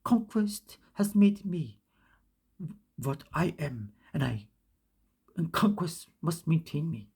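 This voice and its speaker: A woman doing a proud, coldly ambitious French emperor with a put-on French accent. The voice is gravelly and very husky and climbs high when he boasts. Grand and pompous, like a conqueror in a read-aloud. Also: very animated, takes it slowly, pauses often, mellow, exaggerated voice.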